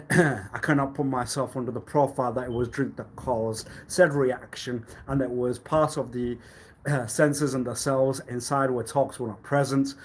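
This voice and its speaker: A man streaming live, talking to himself in a loose, cryptic ramble. His voice sits in a middle pitch, dropping to quiet mutters and then jumping into loud, emphatic outbursts. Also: slightly rough. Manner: rambling and cryptic, swinging between low mutters and loud bursts.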